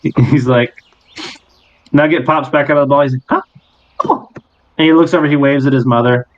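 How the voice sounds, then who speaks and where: A man in a middle register runs a tabletop game and narrates scenes in a loose, animated, rambling way. His voice comes through a dull, lo-fi recording. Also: medium pitch, brisk. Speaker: game master.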